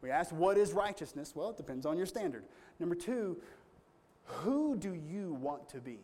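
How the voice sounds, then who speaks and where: A man's voice: a little high, very animated, moderate pace, dark tone. A man pastor preaching a sermon in an earnest, conversational storytelling way with strong emphasis.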